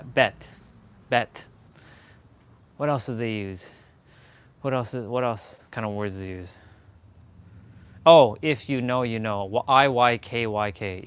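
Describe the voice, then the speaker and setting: A young man talks slowly while he works out, rambling and cracking jokes, sometimes short of breath between sets. His pitch sits in an average range. He swears now and then and repeats phrases for effect. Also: clear, resonant tone. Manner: loose, joking, swears, repeats himself. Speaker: fitness vlogger. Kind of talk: casual chat while working out.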